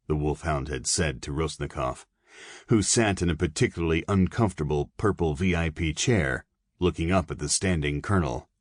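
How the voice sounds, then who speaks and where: A male audiobook narrator with a low, husky voice, reading in a measured way. The recording is dry and close, with no room around it. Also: no echo. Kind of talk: scripted narration.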